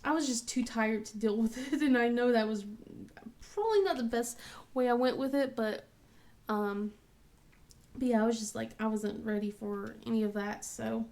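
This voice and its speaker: A woman's voice: on the high side, moderate pace, darkish tone. A woman in her thirties, a mother, chatting casually and laughing often as she tells a home story to her viewers. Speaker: crafting vlogger, mother.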